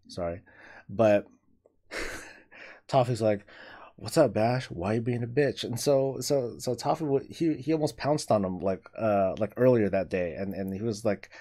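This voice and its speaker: A man hosts a casual live stream, rambling through a long story. He keeps repeating and restarting words and swears freely, in a voice that sits a bit low. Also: dark tone.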